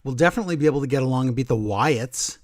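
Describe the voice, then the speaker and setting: A man's voice: medium pitch, rapid-fire, no echo. A man co-hosting a wrestling podcast, giving dry, sarcastic reactions in casual chat. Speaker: podcast co-host.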